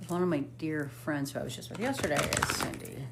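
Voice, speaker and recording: A woman's voice: low voice, a little fast, vocal fry, very noisy. Chatty woman reading cards on a live stream. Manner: chatty, swears casually, hums while scrolling. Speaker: psychic medium hosting a live stream.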